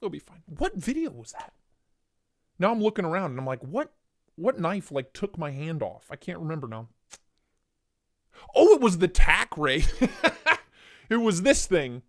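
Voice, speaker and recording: A man's voice: sits high, wildly swooping pitch, unhurried, long pauses, fairly bright tone. A man hosting a casual livestream, joking and rambling as he shows off gear and greets viewers by name. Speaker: livestream host reviewing knives and lights.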